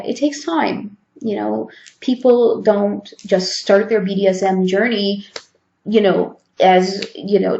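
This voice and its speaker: A woman's voice: medium pitch, gravelly, darkish tone. A woman talking frankly and chattily to camera as an educator, with a self-deprecating manner. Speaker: BDSM educator and vlogger. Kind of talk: casual explanatory talk to camera. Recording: roomy, dull lo-fi sound.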